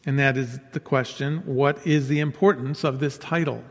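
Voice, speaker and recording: Gravelly-voiced preacher in a reverberant hall. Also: male voice, medium pitch, fairly even intonation, normal speed. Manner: earnest, repeats key phrases for emphasis. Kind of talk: sermon.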